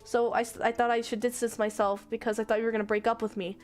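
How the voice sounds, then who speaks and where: A woman voicing a stoic, jealous teenage schoolboy in a flat, blunt way. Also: on the high side, quick pace, close to an everyday voice. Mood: sincere.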